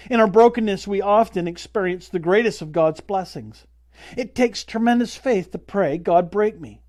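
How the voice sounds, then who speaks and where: A pastor preaching a sermon, telling a story earnestly and stressing points through repetition. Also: male voice, high-pitched, a little mellow.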